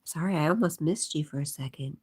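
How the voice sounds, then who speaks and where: A woman's voice: low-pitched, a little fast, a little mellow, husky. A woman hosting a casual livestream, chatting and reading viewer comments aloud, sometimes in a whisper. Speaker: livestream host.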